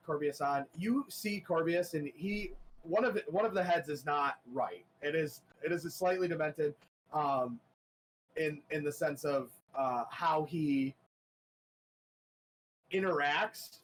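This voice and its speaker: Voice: medium pitch, unhurried, slight background noise, rough recording. A game master narrating a tabletop game, rambling with many fillers and light laughter.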